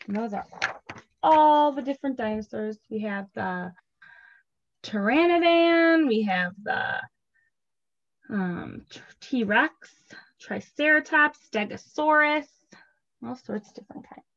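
A woman in her thirties reads a picture book and sings to small children, gentle and expressive. She speaks slowly in a fairly high voice. The recording sounds dull and lo-fi. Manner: slow, gentle and expressive, singing and reading aloud. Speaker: preschool teacher. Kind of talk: children's story time and songs.

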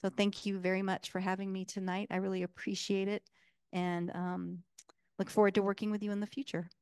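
A woman's voice: mid-range voice, flat delivery, fairly quick, darkish tone, clean tone, no echo, clean studio sound. A woman giving a casual public talk as guest speaker, enthusiastic and full of fillers.

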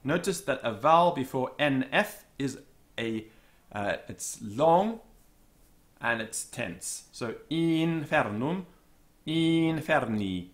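Man, Latin teacher, slow vocabulary drill, careful pronunciation, animated pitch. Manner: deliberate, careful pronunciation drills, repeating each word. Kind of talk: slow vocabulary lesson with repeated Latin words.

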